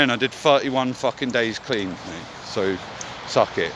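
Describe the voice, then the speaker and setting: A man's voice: mid-range voice, unhurried, background noise. A man vlogging in a candid, casual monologue, swearing often as he talks.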